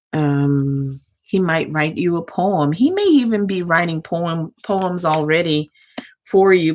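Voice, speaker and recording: A woman giving a casual tarot reading, talking slowly to her cards and thanking the angels. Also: lowish voice, darkish tone. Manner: slow, drawn-out, talks to the cards and angels. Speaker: tarot reader.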